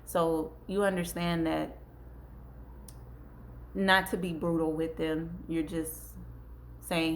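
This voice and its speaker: Woman, casual parenting talk, fairly low voice, faint background hum. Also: flat delivery, takes it slowly, long pauses. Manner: conversational, gives acted examples, repeats herself. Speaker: parenting channel host.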